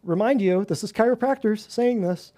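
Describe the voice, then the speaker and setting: Man, high voice, mellow tone, energetic, wry class presenter. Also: moderate pace. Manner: energetic, wry, laughs at the lies he lists. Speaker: chiropractor host of a natural health class.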